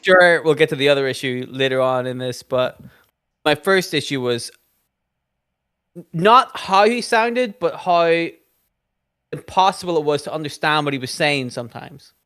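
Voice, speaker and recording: A man co-hosting a casual film podcast, animated and acting out reactions as he talks. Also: fairly high pitch, moderate pace, long pauses, clear, resonant tone. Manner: animated, acts out reactions in quotes. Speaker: podcast co-host.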